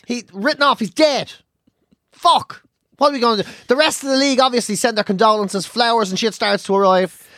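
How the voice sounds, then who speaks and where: An Irish woman hosting a podcast, telling an animated, sweary story with bursts of laughter. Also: on the high side, a little fast, dry recording, studio quality. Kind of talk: casual chat.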